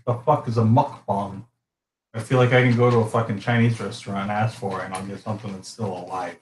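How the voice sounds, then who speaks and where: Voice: low voice, steady tone, quick pace. A friend on a casual chat show, sardonic and swearing freely. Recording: roomy with faint noise.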